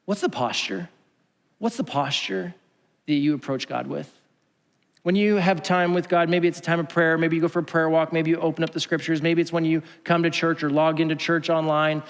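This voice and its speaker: A man preaching a sermon as pastor, an animated storyteller who acts out voices and swings from loud to hushed. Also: fairly high pitch, fairly quick. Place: church auditorium. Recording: long church hall reverb.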